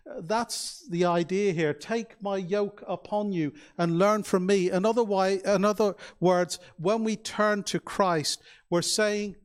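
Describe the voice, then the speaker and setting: A man preaching a sermon in a church, speaking earnestly with emphatic pauses. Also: high voice.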